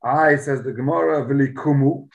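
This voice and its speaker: Guy giving a talmud class, kinda high voice, explains every line with punch. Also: animated, normal speed, highs cut off. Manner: explains Aramaic text line by line in English, emphatic. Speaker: Talmud teacher. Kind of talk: Talmud lesson.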